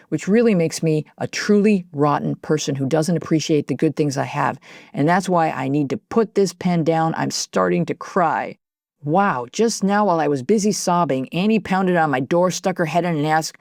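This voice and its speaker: A woman narrating an audiobook in the first person, telling the story in a lively, confiding way as a young girl. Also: low-pitched, creaky, dry recording, studio quality.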